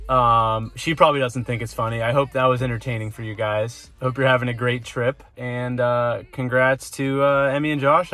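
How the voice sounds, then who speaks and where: A man's voice: medium pitch, a bit bright. A young man telling a funny family story in a casual video message, loose and chatty with lots of fillers. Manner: loose and chatty, many fillers, occasional swearing. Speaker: brother sending a video message.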